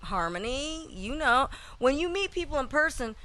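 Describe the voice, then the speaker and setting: Co-host: woman, very bright, lively, chatty, quick to laugh. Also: sits high. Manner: chatty, laughs often, drifts quiet when self-conscious. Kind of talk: casual comedic banter.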